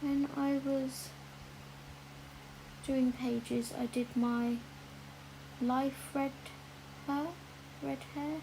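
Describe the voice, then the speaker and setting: A woman's voice: sits high, flat delivery, extremely slow, creaky, pauses often, dark tone, a little hiss or hum, rough recording. A woman chatting casually while colouring on a livestream, with lots of ums and asides to viewers reading their comments.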